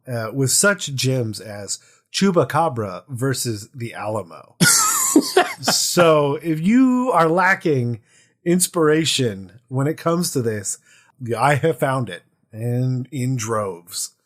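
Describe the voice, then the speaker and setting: Lively, animated male podcast co-host. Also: mid-range voice, slow pace. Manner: animated, playful storytelling. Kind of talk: casual chat.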